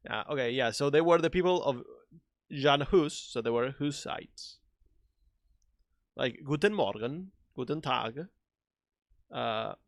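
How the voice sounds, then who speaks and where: A man with a non-native English accent streaming a video game, chatting excitably, laughing and swearing often. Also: medium pitch, creaky, dry recording, studio quality. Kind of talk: casual live-stream chat.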